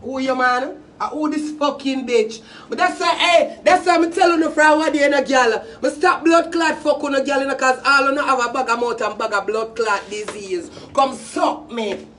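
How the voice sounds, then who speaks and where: A woman's voice: high voice, normal speed, few pauses, a bit bright, far from the mic, slight background noise. A Jamaican woman in her twenties, delivering a profane, taunting, confrontational rant straight to camera. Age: 20s. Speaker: social media personality. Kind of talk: angry insult rant to camera.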